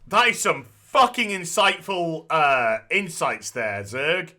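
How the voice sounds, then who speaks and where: A man's voice: a little high, lively intonation, takes it slowly, sharp tone. A man co-hosting a casual podcast, talking bluntly with lots of swearing and restarts. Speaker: podcast co-host.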